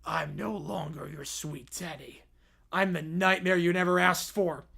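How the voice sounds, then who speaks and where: Man doing a shouty, growling toddler teddy-bear heel, pitched up high. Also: fairly even intonation, a little slow, vocal fry, heavily acted. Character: furious toddler teddy bear turned villain.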